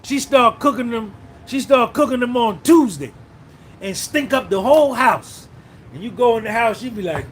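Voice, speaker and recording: A man's voice: very high-pitched, animated, normal speed, a little hiss or hum. A man hosting a podcast livestream, talking casually and profanely, reminiscing and reading out viewers' names. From New Jersey. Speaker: podcast host.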